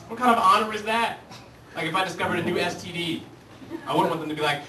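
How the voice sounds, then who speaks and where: A man's voice: high-pitched, fast, noisy background. A male stand-up comedian on a club stage, ranting in a brash, profane way. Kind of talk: stand-up routine. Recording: roomy, distant club recording, loud audience laughter.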